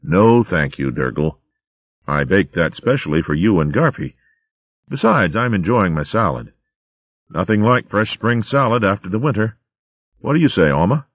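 A gentle, fatherly old abbot, as a man puts him on, his voice raised a little over the reader's own low tone. He speaks mildly and warmly to those around him, heard in a close, dry storybook reading. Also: big pitch swings, normal speed, no echo, dull audio. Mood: kindly. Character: kindly old abbot mouse, gentle host.

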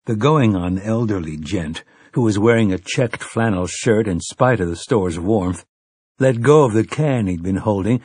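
Husky man narrating an audiobook. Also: on the low side, lively intonation, measured pace, darkish tone, dry recording, clean studio sound. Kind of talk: scripted narration.

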